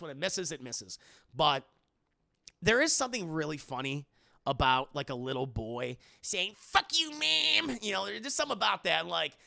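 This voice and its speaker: A man's voice: a little high, gravelly, pushed and bright, no room sound, studio quality. A young man streaming and chatting casually with his viewers, rambling, laughing often and swearing. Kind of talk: casual chat with live chat.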